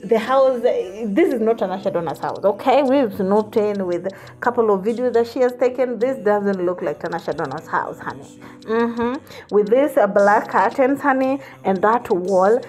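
A woman's voice: medium pitch, lively intonation, normal speed, a little mellow, soft background music. A woman hosting a celebrity gossip vlog, sassy and teasing, often saying honey.

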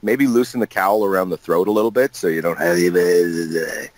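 A man's voice: sits low, steady tone, moderate pace, darkish tone, poor audio. A man being interviewed as a guest actor, telling loose, jokey stories in casual chat with plenty of laughs and restarts.

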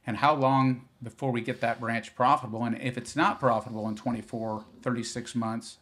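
A man, a business founder from Iowa, talking as a podcast guest in a relaxed, rambling way with many fillers and restarts. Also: medium pitch, brisk. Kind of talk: podcast interview.

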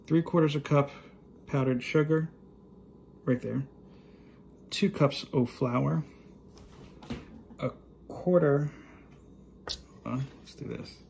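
In a relaxed kitchen cooking vlog shot on a handheld phone camera, a man speaks slowly with long pauses, his voice a little high, gravelly, and darkish. There's a bit of hiss or hum, and he's jokey and self-mocking, chatting with asides.

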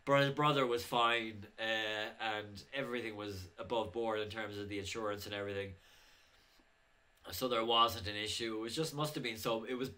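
A man's voice: fairly low pitch, fairly even intonation, normal speed, sharp tone. A man talking casually on his filmmaking vlog, telling rambling anecdotes full of chuckles and fillers. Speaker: indie filmmaker.

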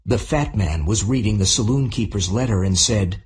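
A man narrating a simple audiobook for English learners, reading clearly and deliberately. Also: on the low side, a little mellow.

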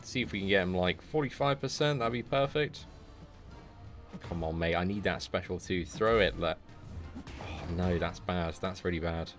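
A man's voice: sits low, moderate pace, soft background music. A man giving live commentary on a mobile game to his viewers, chatting with chat and breaking into sweary, frustrated outbursts. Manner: chats to his viewers between fights.

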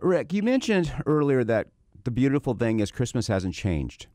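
A male radio host asking an interview guest measured, friendly questions. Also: mid-range voice, very animated, dark tone, no room sound, studio quality.

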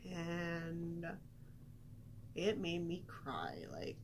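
A woman's voice: on the low side, sing-song, extremely slow. Young woman, casual storytime vlog, chatty, self-deprecating, faint background noise. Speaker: vlogger.

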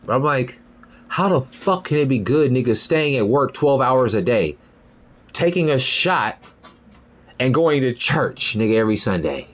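A man's voice: mid-range voice, very animated, measured pace. A young man hosting a podcast in a rambling, profane casual monologue, often asking "you feel me". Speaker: podcast host.

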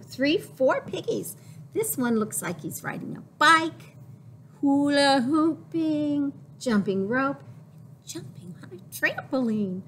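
A woman librarian leading a baby storytime, singing rhymes and reading a picture book in an exaggerated, playful voice with sudden high squeals. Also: a bit bright, a little hiss or hum. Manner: slow, drawn-out and sing-song. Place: public library.

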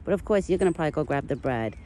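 A woman talks casually outdoors in a foggy forest, her pitch swinging widely as she coos pet talk at an animal. Her voice is mellow and dark in tone. A faint outdoor hiss sits behind her. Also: expressive, rapid-fire, low-quality recording. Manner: chatty, talks to the deer in affectionate pet talk. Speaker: vlogger feeding a wild deer.

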